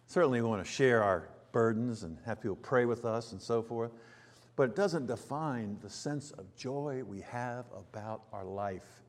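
A man's voice: mid-range voice, normal speed. A man preaching a conversational sermon in a church, asking the congregation questions and acting out quoted chatter. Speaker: pastor. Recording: long reverb of a church hall.

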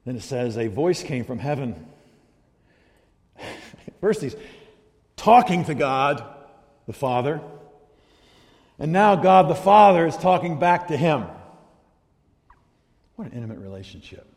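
A man preaching a sermon as pastor, animated, swinging from loud emphasis to quiet asides. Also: a little high, measured pace, pauses often. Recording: long hall reverb.

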